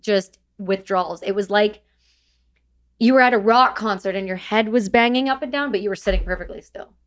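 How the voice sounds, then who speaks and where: A woman's voice: medium pitch, brisk. A woman in her thirties, a veteran guest on a podcast, telling her story candidly in casual interview talk and acting out quoted dialogue. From Canada.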